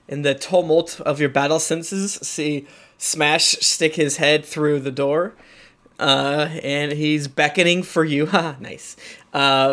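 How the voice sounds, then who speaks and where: A man's voice: on the high side, fairly bright tone. A man narrating as game master, hesitant with many fillers, who slips into voices for side characters.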